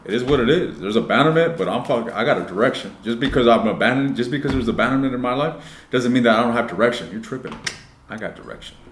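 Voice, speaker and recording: A man's voice: medium pitch, expressive, fast, a little hiss or hum. A man giving a casual tarot reading to camera, blunt and profane, talking straight to his viewers and moving between joking asides and earnest advice. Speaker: tarot reader. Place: indoor room. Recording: roomy echoey room.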